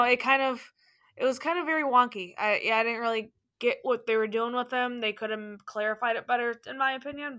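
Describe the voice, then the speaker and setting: A woman's voice: on the high side, sharp tone, smooth. A woman co-hosting a casual chat, talking loosely with many fillers, her voice cracking now and then. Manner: chatty, lots of fillers and laughs. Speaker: podcast co-host.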